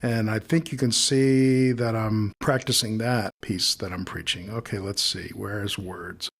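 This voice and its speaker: A man teaching audio editing in a screen-recorded tutorial, thinking aloud in a relaxed, explanatory way as he demonstrates each step. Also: on the low side, measured pace, creaky.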